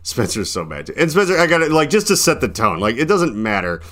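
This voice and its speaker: A man hosting a podcast, telling a rambling, profane story in casual chat and loudly acting out the people in it. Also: medium pitch, fairly quick. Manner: animated, profane, acts out quoted people in loud bursts. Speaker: podcast host. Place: indoors, podcast recording.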